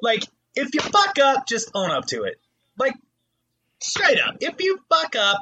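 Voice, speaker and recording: Male podcast co-host, husky and bright, animated and foul-mouthed storyteller. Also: very high voice, a little slow, muffled recording. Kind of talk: casual podcast chat.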